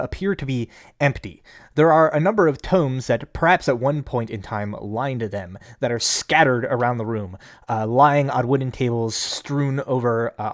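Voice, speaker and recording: Laid-back man narrating a tabletop game. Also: medium pitch. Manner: loose, filler-heavy description. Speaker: game master.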